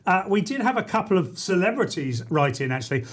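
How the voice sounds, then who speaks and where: A man's voice: high-pitched, big pitch swings, quick pace. A man hosting a comic radio show, reading out listener letters in a mock-earnest way and breaking into giggles. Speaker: radio host. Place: radio studio.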